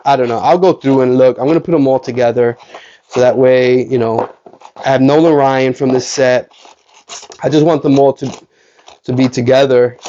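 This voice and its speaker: A man hosting a card collecting vlog, telling a rambling story with many self-corrections and lively quotes of other people. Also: medium pitch, muffled recording, a little hiss or hum. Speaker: card collecting channel host.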